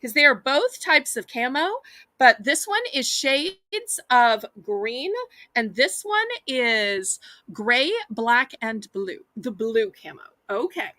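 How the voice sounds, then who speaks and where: A woman's voice: a little high, big pitch swings, slow, sharp tone, dry recording. A woman with a Southern US accent hosting a live online auction, chatting in a folksy way and talking straight to her viewers. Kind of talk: live-stream auction selling.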